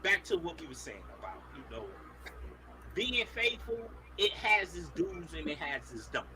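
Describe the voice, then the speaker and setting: A man's voice: high voice, very animated, normal speed, background noise. A man co-hosting a casual radio talk show, breaking his points down in a preachy way.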